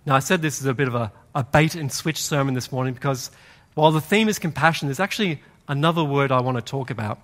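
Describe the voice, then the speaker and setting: A man preaching a sermon in a conversational, animated way, acting out quoted voices in a louder tone. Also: mid-range voice, fast talker. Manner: animated storytelling, acts out quoted voices loudly; conversational, uses "like" often. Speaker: pastor.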